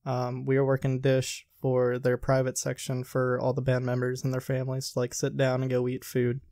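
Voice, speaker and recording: A man's voice: medium pitch, completely flat delivery, moderate pace, a little mellow, no echo, studio quality. A man hosting a podcast, chatting casually and rambling with crude jokes. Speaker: podcast host. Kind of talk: casual chat.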